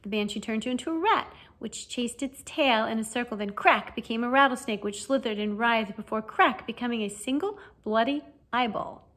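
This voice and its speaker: A woman narrating a children's fantasy novel as an audiobook reader, with a lively, expressive reading. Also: on the high side, moderate pace, hardly any pauses. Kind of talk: storybook narration.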